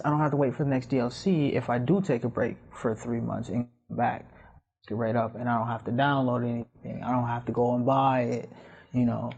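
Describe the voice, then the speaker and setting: A man chats on a podcast in a husky, slightly breathy voice, wandering through his points with lots of fillers and restarts. The audio is muffled and lo-fi, like a dull home recording. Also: mid-range voice, a little mellow. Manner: rambling, storytelling with lots of fillers. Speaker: podcast guest or host. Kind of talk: casual podcast chat.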